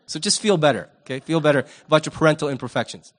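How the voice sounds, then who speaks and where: Man, pastor, sermon, high voice, animated, humorous, conversational, asks audience questions. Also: quick pace.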